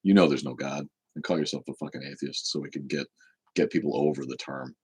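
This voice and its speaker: Very deep husky-voiced man. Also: steady tone, fairly quick, a little mellow. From United States. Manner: blunt, profane, opinionated. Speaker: show host. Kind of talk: live-stream Q&A chat.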